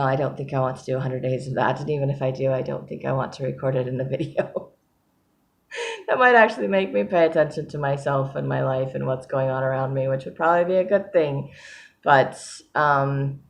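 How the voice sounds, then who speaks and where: A woman's voice: extremely low pitch, a little mellow, a little hiss or hum. A woman talking in a casual diary vlog, sleepy and yawning, rambling and self-deprecating with frequent laughs. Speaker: vlogger.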